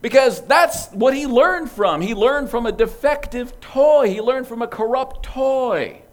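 Lively high-voiced man preaching. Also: unhurried. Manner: animated storytelling with toy-sound imitations. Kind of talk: sermon illustration.

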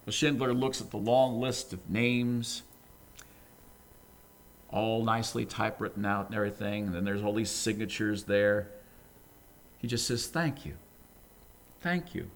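A man's voice: lowish voice, flat delivery, normal speed, long pauses. A male preacher giving a sermon, telling a story earnestly and building up to fervent, emphatic exhortation.

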